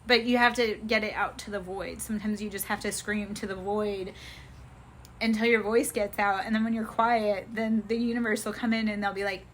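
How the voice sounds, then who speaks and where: A woman's voice: mid-range voice, steady tone, normal speed, fairly bright tone, slight background noise. A woman hosting a live stream, giving an impassioned spiritual pep talk in casual speech and swearing freely.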